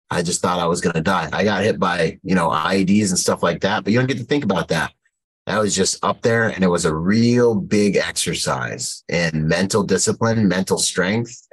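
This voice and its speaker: A man, a military veteran guest on an interview show, telling war stories in a lively way, acting out what people said. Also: low-pitched, husky, rough recording. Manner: animated storyteller, acts out quotes loudly. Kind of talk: storytelling interview.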